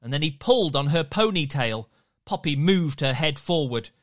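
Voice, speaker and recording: A storyteller narrating a children's story with an expressive, lively delivery. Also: mid-range voice, normal speed.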